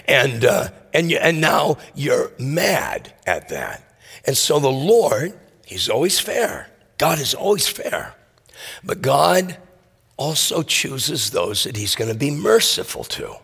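Male pastor, husky and bright, slow animated sermon delivery, hall reverb. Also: medium pitch. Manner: animated storytelling, acts out voices.

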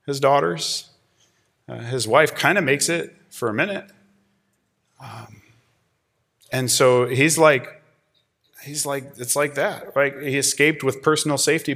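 A man's voice: medium pitch, gravelly, fairly bright tone. A man preaching a sermon to a group in a church, in a conversational way that keeps asking "right?". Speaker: pastor.

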